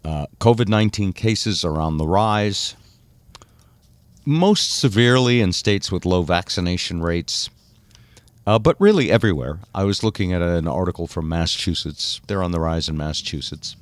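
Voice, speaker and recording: Deep voiced guy hosting a chat show, talks with lots of fillers, animated. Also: moderate pace, no room sound. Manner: chatty, steers topics, thinks aloud with fillers. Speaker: host. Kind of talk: casual radio talk show.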